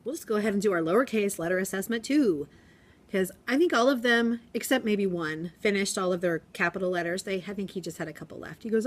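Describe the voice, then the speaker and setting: A woman's voice: medium pitch, fast. A young woman teacher talking to a phone camera in her classroom in a chatty, rambling way, acting out what her pupils said. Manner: chatty, rambling, acts out quotes in voices. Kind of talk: casual vlog chat. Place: school classroom.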